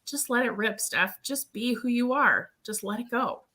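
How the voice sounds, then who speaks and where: A woman with a bright voice, a little high, chatting as co-host. She tells her stories with energy and acts out the voices of the people in them. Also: moderate pace. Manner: lively storyteller who acts out quotes. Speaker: host and medium. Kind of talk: casual chat.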